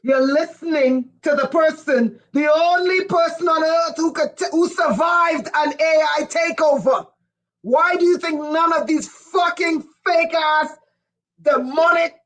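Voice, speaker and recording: A woman giving an impassioned livestream monologue, emphatic and profane, with sudden bursts of shouting. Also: sits high, rough recording. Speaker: livestream speaker.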